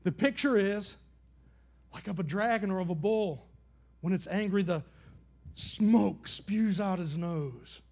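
A middle-aged male pastor preaching a sermon, questioning the congregation and swinging between high loud exclamations and low quiet asides. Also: slow, pauses often.

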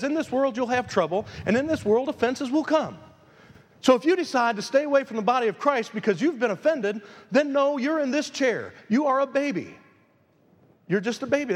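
A man preaching a sermon as a pastor, emphatic and conversational. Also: very high voice. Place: church sanctuary. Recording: long reverb of a large church hall.

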